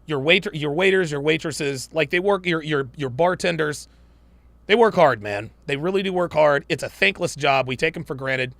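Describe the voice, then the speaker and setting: A man's voice: on the high side, moderate pace, a bit bright, no echo. A man hosting a live-stream commentary show, talking in a profane, emphatic and preachy way. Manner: mocks women in put-on voices.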